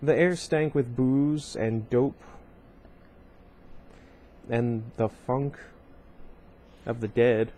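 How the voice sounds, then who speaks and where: A man's voice: mid-range voice, extremely slow, pauses often, dark tone. A man casually reading a novel aloud at home, breaking off often for rambling side comments full of fillers. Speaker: reader of a book series.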